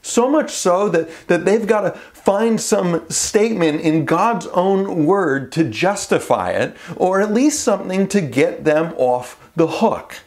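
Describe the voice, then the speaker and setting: Unhurried, animated male preacher. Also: high-pitched. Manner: earnest, conversational preaching with playful asides. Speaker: pastor. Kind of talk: sermon.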